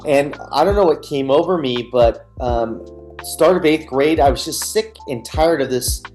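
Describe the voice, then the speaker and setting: A man's voice: on the high side, moderate pace, darkish tone, soft background music. A man, a guest on a radio interview, candidly telling his personal story and replaying scenes. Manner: earnest, candid, retells scenes with quoted dialogue.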